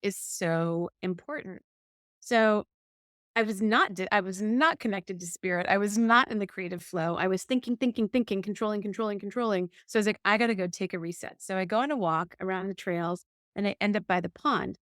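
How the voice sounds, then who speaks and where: Brisk and medium in pitch, this podcast co-host recounts something that happened to her, lively in acting out what she said at the time. The studio-quality audio has no room sound.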